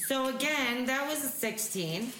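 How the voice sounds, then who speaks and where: A woman co-host in casual chat, brash and profane, ranting loudly about her choices. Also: high-pitched, expressive, measured pace. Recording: echoey room, faint noise.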